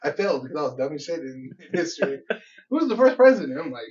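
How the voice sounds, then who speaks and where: A man's voice: a little high, very animated, quick pace, recorded from a distance. Laid-back young man hosting a podcast. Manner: laid-back, laughs often, swears casually. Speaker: podcast host. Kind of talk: casual chat. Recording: dull lo-fi podcast audio.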